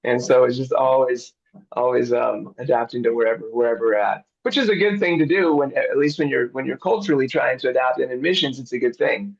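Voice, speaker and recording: A man's voice: mid-range voice, brisk, gravelly, breathy edge, dull audio. A middle-aged man, a missionary director, chatting easygoingly in an interview over a video call. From grew up abroad as a missionary kid. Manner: easygoing, chuckles often.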